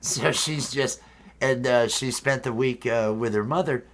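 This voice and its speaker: A man's voice: medium pitch, unhurried, a crowd in the background. A man hosting a casual livestream chat, telling a story in a rambling way with many fillers and restarts. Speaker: host.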